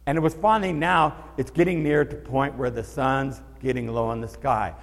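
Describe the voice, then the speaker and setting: A man's voice: mid-range voice, moderate pace. A man preaching a sermon as a pastor, telling stories with animation and acting out the voices of the people he quotes. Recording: long reverb of a large hall.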